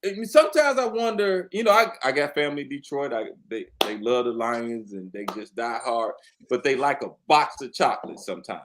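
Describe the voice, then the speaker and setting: Lively, laughing man talking football. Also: mid-range voice, fairly quick, background noise. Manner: laughing, animated and teasing. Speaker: sports talk panelist. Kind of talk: casual sports chat.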